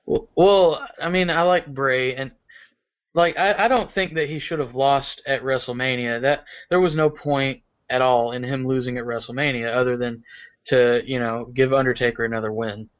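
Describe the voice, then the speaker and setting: A man's voice: mid-range voice, steady tone, normal speed, clear, resonant tone. Podcast cohost guy, hesitant, restarts a lot, mid voice, muffled recording. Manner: hesitant, restarts, builds his point. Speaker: podcast co-host. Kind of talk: casual chat.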